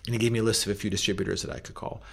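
A middle-aged man speaks in a relaxed, storytelling way, his voice sitting a little low. He drops plenty of fillers and slips into little performances of the people in his story. It sounds like a casual interview. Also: very fast, gravelly, slightly rough. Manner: animated, acts out quoted voices, many fillers. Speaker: food company founder, guest.

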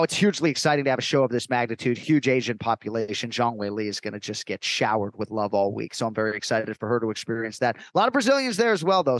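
A man's voice: mid-range voice, dry recording. A man from Massachusetts, a sports play-by-play commentator, speaking as a guest in a casual interview in a fluent, emphatic way.

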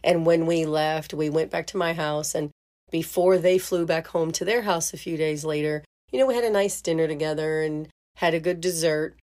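Chatty woman podcast host, lowish voice. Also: steady tone, moderate pace, darkish tone. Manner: chatty, laughs often, says "you know" a lot. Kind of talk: casual storytelling.

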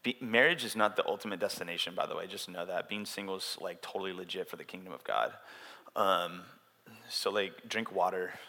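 A man preaching a sermon in a casual, animated way, acting out quotes as he tells stories. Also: sits low, a little fast. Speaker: pastor. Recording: long hall reverb.

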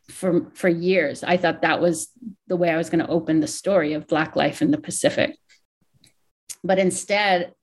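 A middle-aged woman author from Hawaii answers interview questions in a candid, reflective way. Her voice sits a little low for a woman, and she often restarts her sentences as the emotion comes through. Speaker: author and academic.

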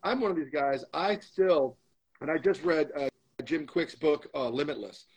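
Husky, emphatic man telling a story. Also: on the high side, moderate pace, low-quality recording. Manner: emphatic, motivational, repeats phrases for stress. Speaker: guest. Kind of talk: candid storytelling.

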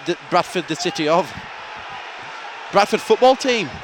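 A man's voice: high-pitched, expressive, moderate pace, crowd noise, background noise. A man, co-hosting a football fan podcast outdoors at a match, chatty and laughing, full of rambling asides. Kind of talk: casual football banter.

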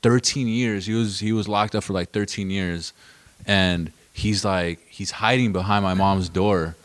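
A man's voice: sits low, a little slow, dry recording. Man telling stories in a dry room. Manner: animated, swears, says "bro" often. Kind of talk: casual storytelling chat.

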